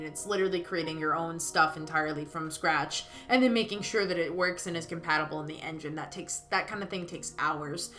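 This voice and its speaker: A woman playing a video game and commenting casually, playful and joking, with soft game music underneath. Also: lowish voice. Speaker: gaming video creator.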